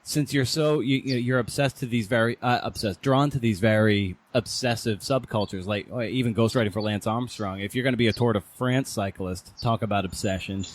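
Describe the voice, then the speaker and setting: A male interviewer asks a long, halting question, restarting as he goes. A faint hiss sits under his voice. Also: medium pitch, steady tone. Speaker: podcast host.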